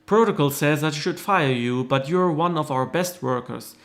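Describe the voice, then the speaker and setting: A man reading aloud the lines of a brisk, pushy company chairman from a screenplay, in close to his own voice. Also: on the high side, close to an everyday voice.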